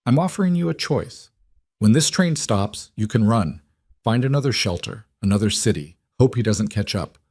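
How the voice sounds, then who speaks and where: A man voicing a mafia boss who speaks smoothly, calmly and with quiet command. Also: lowish voice, moderate pace, dry recording, clean studio sound. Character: calm, dangerous male mafia boss.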